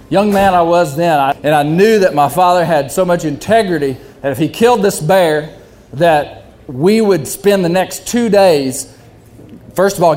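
A young man telling a hunting story, animated and often laughing while he talks. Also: fairly high pitch. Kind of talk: casual storytelling.

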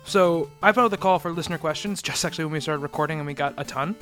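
A man hosting a comics podcast, talking eagerly in a casual chat and tumbling over his own words as he restarts sentences. His voice sits a little high for a man. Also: racing, fairly bright tone, faint music behind. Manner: eager, restless with many restarts and fillers. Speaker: podcast host.

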